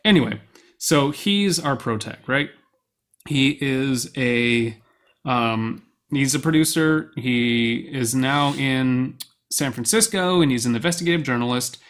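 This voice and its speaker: A young man co-hosting a podcast, chatting casually and excitedly, rambling and swearing freely. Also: medium pitch, a little slow. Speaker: podcast co-host. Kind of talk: casual chat.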